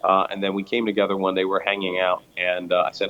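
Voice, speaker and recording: A man's voice: low-pitched, monotone, quick pace, a bit bright, highs cut off. A man who pastors a church, telling his story in an interview with earnest, repeating restarts.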